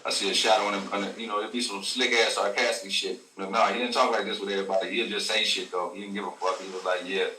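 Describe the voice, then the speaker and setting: Guy telling a wild story fast and loose, bright voice, roomy echo, sits back from the mic. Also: fairly low pitch, flat delivery, a little hiss or hum. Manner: fast, profane street slang with acted quotes. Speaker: guest. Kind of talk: casual storytelling. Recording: echoey room, a bit far from the mic.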